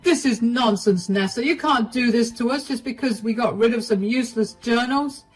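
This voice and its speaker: A woman's voice: a little high, moderate pace, husky, soft background music, voice pushed up, poor audio. Woman doing smug brother-in-law, dismissive, entitled, storytime narration. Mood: irritated.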